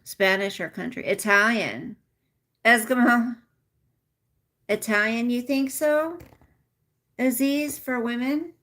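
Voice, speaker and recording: Brief middle-aged woman host, unhurried livestream chatter reading out viewer comments. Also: fairly high pitch, a bit bright. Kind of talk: casual live chat with viewers.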